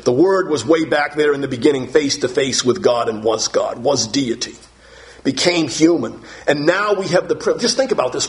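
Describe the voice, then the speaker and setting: A man preaching a sermon, emphatic, piling up synonyms and rising to shouts on key words, and putting questions to the congregation. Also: a little high. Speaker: pastor.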